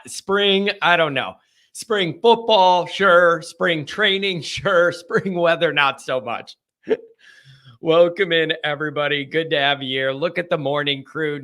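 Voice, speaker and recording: A man hosts a live call-in stream in a loose, easygoing chat. He wanders from point to point with quick laughs and restarts. His voice sits a little high and sounds very bright and forward. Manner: rambling and chatty, with small laughs and restarts. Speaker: host of a fan call-in show.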